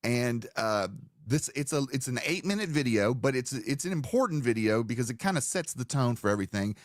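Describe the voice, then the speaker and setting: Male stream host, loose profane rambling talk, mid pitch, dry close sound. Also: animated, brisk, no room sound. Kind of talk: live stream commentary.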